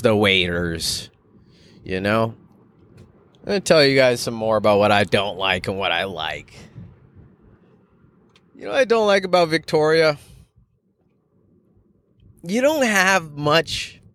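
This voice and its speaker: A man's voice: medium pitch, a bit bright, no echo, clean studio sound. A young man hosting a solo podcast, rambling casually and profanely, with lots of filler phrases. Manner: rambling, profane, heavy fillers like "you know". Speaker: podcast host.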